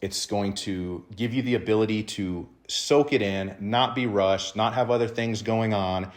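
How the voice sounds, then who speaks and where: A man with a lowish, darkish voice explains dog training to owners, teaching emphatically and constantly checking in with "right?"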